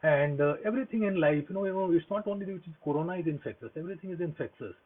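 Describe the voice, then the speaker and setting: A man's voice: a little high, animated, very fast, slight background noise. A man giving an earnest motivational talk on mindfulness, repeating himself with many fillers and restarts. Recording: husky voice over a tinny phone-like line.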